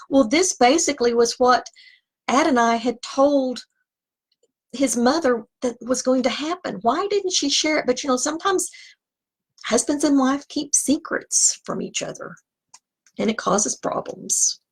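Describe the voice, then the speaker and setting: Woman Bible teacher, husky, casual and digressive. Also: high voice, lively intonation, a little slow. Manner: conversational, digressive, with asides. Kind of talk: scripture teaching.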